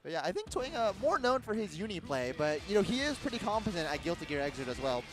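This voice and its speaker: A man commentating a fighting game tournament, excitable and teasing, reacting quickly to the play. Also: sits high. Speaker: esports commentator.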